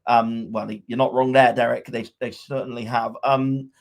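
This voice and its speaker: A man's voice: medium pitch, flat delivery, moderate pace, vocal fry. A man talks from home on a podcast call, wry and opinionated. He rambles through long points, restarting his sentences often as he goes. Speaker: podcast co-host. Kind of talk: casual podcast chat. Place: upstairs room at home.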